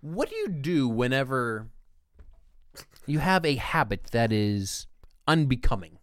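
A man with a Pittsburgh accent chats and rants on a podcast, his voice rising and dipping in lively swings. The room sounds dry and close. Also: mid-range voice, unhurried, no echo. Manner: ranting, exasperated. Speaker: podcast co-host. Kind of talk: casual chat.

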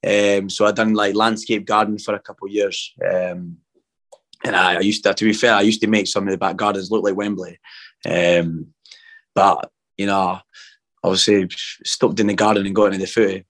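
Scottish male footballer, young, laid-back rambler, slightly low voice. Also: level tone, normal speed, fairly bright tone. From Scotland. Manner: laid-back, rambling, peppered with "mate" and "man". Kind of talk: casual interview chat.

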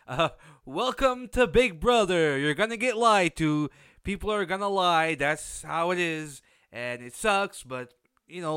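A man's voice: on the high side, bright, forceful tone, clean tone, no room sound. A man hosting a podcast, giving a blunt, opinionated recap of a reality show in a casual, unsympathetic way. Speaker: podcast host.

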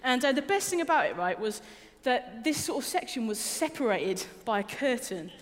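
A woman's voice: fairly high pitch, big pitch swings, normal speed. A woman from England giving a sermon in a church hall, chatty and self-deprecating, with light jokes about everyday life. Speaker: preacher.

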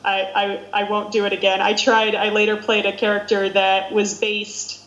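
A woman with a Midwestern American accent, co-hosting a casual podcast chat in an animated, rambling, self-deprecating way. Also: mid-range voice, moderate pace. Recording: roomy, dull lo-fi sound.

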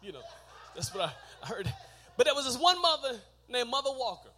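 A middle-aged Texan preacher with a very high, bright, ringing voice delivers a sermon in church. He calls on the congregation to answer him back. He tells stories from his childhood, then builds into loud shouted preaching. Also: big pitch swings, a little fast. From Texas. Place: church sanctuary.

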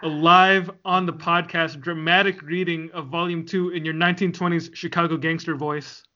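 Man, podcast co-host, casual rambling chat, bright tense voice, muffled lo-fi sound. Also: fairly high pitch, little pitch movement, moderate pace. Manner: rambling, jokey, laughs often. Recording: dull lo-fi sound.

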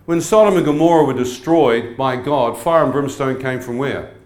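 Animated New preacher, echoey hall. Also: male voice, mid-range voice, moderate pace. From New Zealand. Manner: animated, asks the crowd questions. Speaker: evangelist. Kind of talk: sermon testimony.

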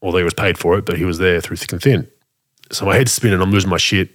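Lively low-voiced man telling a story. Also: fast talker. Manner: animated, acts out quoted dialogue, frequent restarts. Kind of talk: casual storytelling.

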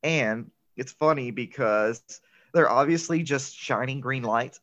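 A man's voice: mid-range voice, a little slow, fairly bright tone. Chatty man recapping a movie, lo-fi. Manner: chatty, laughs often, filler-heavy. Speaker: podcast host. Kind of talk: casual movie recap chat.

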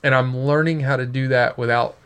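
A man's voice: mid-range voice, steady tone, a little fast, a bit bright, smooth. A young man co-hosting a podcast, talking in a casual, earnest and reflective way. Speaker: podcast co-host. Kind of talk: casual chat.

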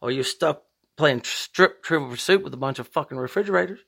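A man hosting a podcast, talking in a profane, rambling monologue with big emphatic swings in pitch. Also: fast, gravelly, fairly bright tone. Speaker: podcast host. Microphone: podcast microphone.

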